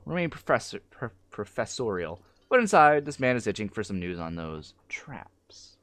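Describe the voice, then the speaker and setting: A man's voice: on the low side, very animated, moderate pace, few pauses, fairly bright tone, faint music behind. A man reading a game's narration aloud on a stream, mixing in casual asides.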